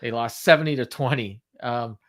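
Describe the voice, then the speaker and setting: A man's voice: mid-range voice, moderate pace, fairly bright tone. A man co-hosting a podcast, recapping a show in casual chat with lots of fillers and quotes read aloud. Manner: rambling with many fillers, reads quotes aloud. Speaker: podcast co-host.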